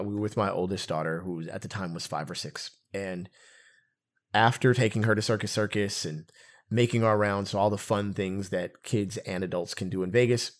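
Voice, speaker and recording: A man co-hosting a casual chat, telling stories with mock outrage and frequent laughter. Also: lowish voice. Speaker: podcast co-host.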